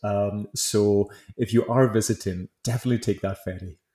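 A man's voice: fairly low pitch, steady tone, moderate pace, mellow, reverberant. A man with a Hebridean Scottish accent, chatting casually as an interview guest, friendly and laughing lightly. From Isle of Lewis, Outer Hebrides, Scotland. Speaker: guest baker and author.

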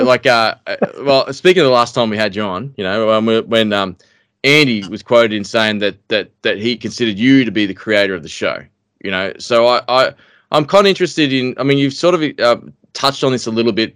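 A man's voice: mid-range voice, brisk, a bit bright, clear, resonant tone, no echo, clean studio sound. An Australian man hosting a podcast interview, asking long rambling questions full of fillers. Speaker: podcast host. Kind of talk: casual interview.

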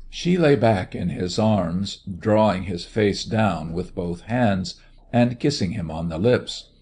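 A man narrating a story in a measured, expressive reading voice. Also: sits low, slightly rough. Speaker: audiobook narrator.

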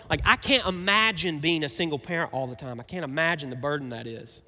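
A man's voice: on the high side, brisk, hardly any pauses, pushed and bright, long reverb tail. A man preaching a sermon as pastor, talking conversationally and asking his listeners rhetorical questions.

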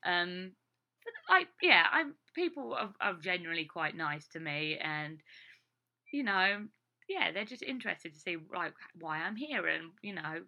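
This young Englishwoman, a teacher living overseas, chats casually for her vlog with plenty of fillers and a rambling manner. Her fairly low, creaky voice has a sharp tone, big pitch swings, and a measured pace.

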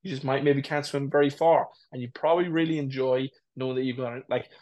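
A man's voice: mid-range voice, fairly even intonation, fast, a little mellow. A man co-hosting a podcast, talking reflectively and often starting with "it's like, listen". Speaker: podcast co-host. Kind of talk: casual chat.

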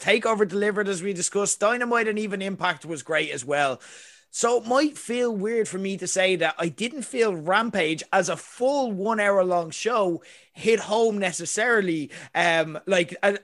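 A man's voice: high-pitched, expressive, moderate pace, fairly bright tone. A man co-hosting a podcast, rambling and giggling through a casual story. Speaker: podcast co-host. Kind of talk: casual chat. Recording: echoey room, distant mic.

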